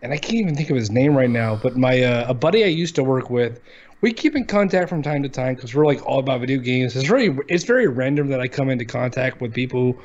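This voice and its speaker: A man's voice: mid-range voice, expressive, fast talker, darkish tone. A man in his thirties co-hosting a casual chat show, talking bluntly, dismissively and with a lot of swearing. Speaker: podcast co-host. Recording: dull lo-fi audio.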